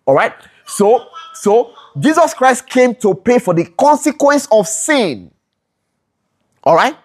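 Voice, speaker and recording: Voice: mid-range voice, very animated, takes it slowly. A Bible study teacher who explains scripture, asks rhetorical questions, repeats them for emphasis, and keeps checking in with listeners. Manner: checks in with listeners, keeps asking "all right?"; corrects themselves mid-sentence.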